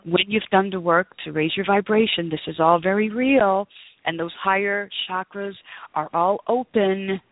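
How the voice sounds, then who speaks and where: A woman's voice: medium pitch, moderate pace, dry recording. A woman, a guest author, telling personal stories in an earnest, exclamatory way during an interview. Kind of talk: storytelling interview talk. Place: in Las Vegas. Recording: tinny phone line, dry.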